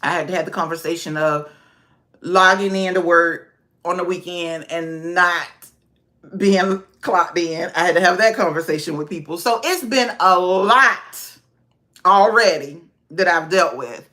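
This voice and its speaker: A woman's voice: fairly low pitch, measured pace, pushed and bright. A woman vlogger chatting casually on a livestream, talking to viewers by name.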